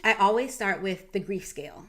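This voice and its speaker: A woman in her thirties hosting a heartfelt conversation, speaking earnestly and reflectively. She gathers her thoughts with pauses and fillers, in a voice of middling pitch. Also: lively intonation, sharp tone. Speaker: podcast host.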